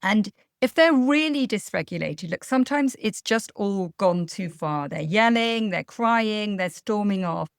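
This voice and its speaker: A woman, a parenting coach speaking in a calm, measured and explanatory way on a podcast. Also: medium pitch, dry recording, clean studio sound. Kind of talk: podcast advice talk.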